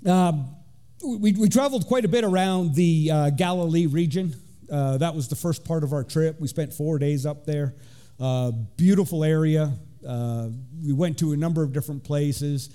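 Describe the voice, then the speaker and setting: A middle-aged man preaches to his congregation with a slightly raised pitch and a soft, mellow tone. He reads scripture, then drifts into relaxed, halting commentary full of fillers and restarts. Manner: conversational, with frequent fillers and restarts. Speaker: deacon. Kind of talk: informal sermon with scripture reading.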